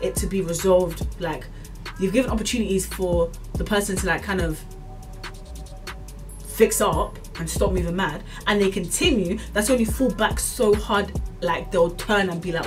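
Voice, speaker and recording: A woman's voice: medium pitch, normal speed, distant mic, over music. A young woman, ranting casually to camera with lots of fillers and earnest, preachy encouragement. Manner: rambling, repeats itself, many fillers like "like" and "as in". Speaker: vlogger.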